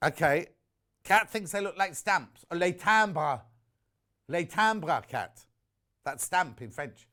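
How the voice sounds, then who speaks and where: With long pauses and a slow pace, a middle-aged man from the UK pitches fabric bundles on a shopping channel. His fairly high voice is animated, pushed and bright. He rambles and jokes throughout, in a warm studio where the shutter doors stand open.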